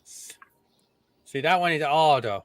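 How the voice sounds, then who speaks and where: This podcast co-host talks about recordings in a relaxed chat, frequently laughing and drifting off mid-sentence. His voice is on the high side, animated, and a bit bright, delivered at a measured pace without echo.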